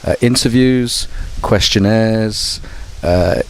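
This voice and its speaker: Slow, careful male teacher. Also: on the low side, smooth. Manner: slow and careful, with many "uh" fillers. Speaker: English teacher. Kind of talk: online English mini lesson.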